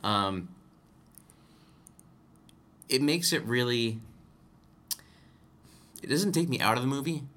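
Bright-voiced man rambling about films. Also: medium pitch, expressive, takes it slowly, pauses often. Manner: rambling, self-correcting, chuckles while explaining. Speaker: podcast co-host. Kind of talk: casual film discussion.

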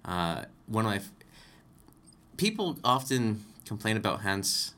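With a lowish, sing-song voice and a fairly bright tone, a man talks a little slowly while co-hosting a podcast. The movie discussion is casual; he rambles, corrects himself mid-thought, and laughs readily.

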